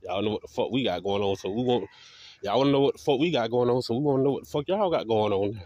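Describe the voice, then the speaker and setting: A man's voice: medium pitch, animated, quick pace, darkish tone, dry recording, lo-fi sound. A man delivering a profane, defiant, repetitive rant to camera as a video blogger. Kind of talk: ranting monologue to camera.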